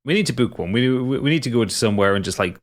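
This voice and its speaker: A man's voice: mid-range voice, animated, racing. Geordie man chatting on a podcast. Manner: reads out chat messages, laughs often. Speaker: podcast co-host. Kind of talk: casual chat. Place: home studio, live stream.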